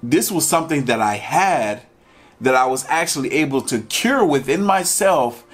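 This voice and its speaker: A man's voice: mid-range voice, expressive, moderate pace, a bit bright. A man vlogging, talking candidly and emotionally to his viewers about his own experiences in a casual, personal way. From Georgia, USA. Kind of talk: personal storytelling to camera.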